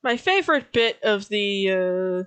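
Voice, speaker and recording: Streamer lady, slow chatty talk, smooth voice, dry close mic, laughs a lot. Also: mid-range voice, no room sound. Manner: laughs often, relaxed and chatty. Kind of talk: casual stream chat.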